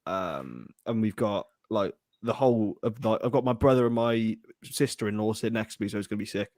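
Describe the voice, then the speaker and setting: A man's voice: fairly low pitch, fairly quick, a little mellow, no echo. A man co-hosting a casual football podcast in an upbeat, easygoing manner. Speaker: podcast co-host.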